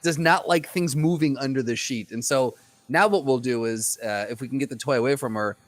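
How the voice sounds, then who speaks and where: A man co-hosting a podcast in a relaxed casual chat, laughing easily and chiming in often. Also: medium pitch, brisk, no room sound. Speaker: podcast co-host.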